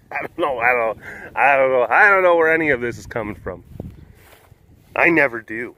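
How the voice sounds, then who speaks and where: A man's voice: mid-range voice, expressive, normal speed, sharp tone. A young man hosting a webcast, rambling casually, laughing often and poking fun at himself. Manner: meandering, laughs often, self-mocking. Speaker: webcast host.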